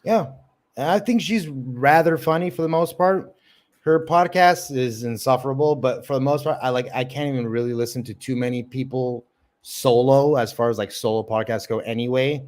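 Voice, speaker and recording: A man who does open mic comedy runs a laid-back livestream, chatting in a rambling, profane way packed with filler words. He talks at a normal speed in a mid-range voice with a slightly mellow quality.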